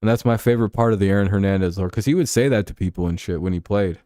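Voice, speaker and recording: A man with a lowish, mellow voice rants through casual sports talk, swearing freely and rambling from point to point. The sound is close and dry, with no room around it. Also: rapid-fire, no room sound. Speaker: sports show host. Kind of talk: casual livestream commentary.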